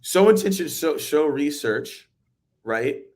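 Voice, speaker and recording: A man's voice: fairly high pitch, lively intonation, takes it slowly, darkish tone. A man hosting a webinar, explaining cold calling with energy, acting out calls and laughing often. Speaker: webinar host, sales trainer. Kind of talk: animated casual explanation.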